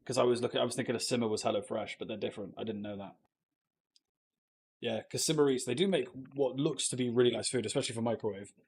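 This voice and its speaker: Talking fast in a husky, medium-pitched voice, a young British streamer jokes around with viewers and reads chat. He's loose and casual, and he swears plenty.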